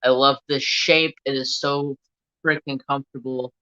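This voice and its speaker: A man hosting a crafts livestream in casual chat, slow and chatty, a bit teary and sniffly, at home with a fan blowing. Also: medium pitch, little pitch movement, pushed and bright, smooth. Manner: slow, chatty, humming to himself. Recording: dull lo-fi stream audio.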